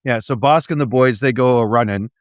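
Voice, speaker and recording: A man's voice: medium pitch, a little fast, no room sound, clean studio sound. A man co-hosting a casual movie podcast, laughing often and making jokey asides. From Canada. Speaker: podcast co-host.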